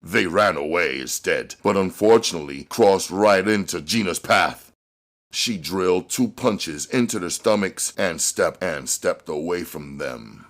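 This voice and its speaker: Male audiobook reader, very low voice, unhurried, dramatic narration. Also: animated, fairly bright tone. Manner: measured, rising on action beats.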